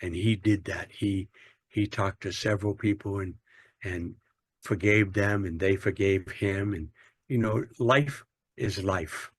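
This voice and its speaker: A man's voice: deep voice, measured pace, slightly rough, no room sound. A middle-aged man from the United States, a church planter being interviewed, telling a personal story in an earnest, plain-spoken way with frequent restarts.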